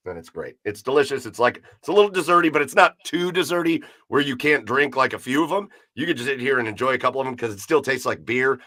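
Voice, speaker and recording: Laid-back Midwestern podcast host, bright dry voice. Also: male voice, medium pitch, animated, fast talker, few pauses, no echo. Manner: loose, laughing, filler-heavy. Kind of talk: casual chat.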